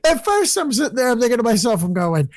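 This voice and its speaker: Man, podcast co-host, swears a lot, lively pitch, acts out lines. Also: quick pace, no room sound. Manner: profane, animated, acts out wrestlers' lines. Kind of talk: casual wrestling podcast chat.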